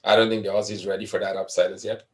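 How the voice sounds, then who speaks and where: A man's voice: low voice, level tone, rapid-fire. A man teaching forex trading in a live webinar, talking casually through chart patterns and often checking in with "right?".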